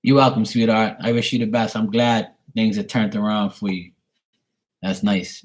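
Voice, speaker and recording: A man hosting a casual livestream, joking crudely and streetwise, then doing psychic readings for viewers, often trailing into hushed asides. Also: fairly low pitch, little pitch movement, moderate pace. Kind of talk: casual live-stream chat.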